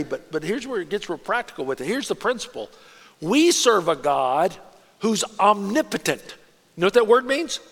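A man preaching a sermon as a pastor, conversational and animated, acting out quoted asides. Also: sits high, creaky. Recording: long hall reverb.

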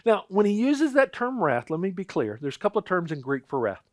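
High-voiced man preaching conversationally. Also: very animated, brisk, dry recording, studio quality. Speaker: pastor. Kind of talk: sermon.

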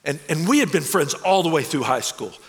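Man, earnest, confessional sermon monologue, stammering restarts, fairly high, animated, echoey hall. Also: brisk. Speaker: dramatic monologue performer. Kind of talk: first-person dramatic sermon monologue.

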